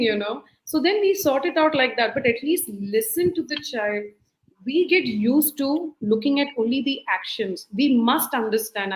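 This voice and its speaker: A woman's voice: on the high side, echoey room, slight background noise, rough recording. Woman, life coach, earnest advice, acts out voices, repeats phrases, video call. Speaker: life skills coach, guest. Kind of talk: earnest advice talk in a live-streamed interview.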